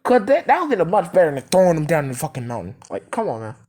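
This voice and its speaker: A woman's voice: sits low, very animated, fast talker, mellow. A woman casually retelling a fan story, rambling with lots of fillers and swearing. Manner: rambling, filler-heavy, cursing, laughing.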